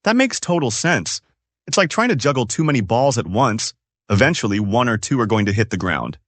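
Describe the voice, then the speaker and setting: A male podcast co-host presents a scripted show for English learners, explaining tips upbeat. His mid-range, slightly bright voice swings widely in pitch, and the close, dry recording has no room sound.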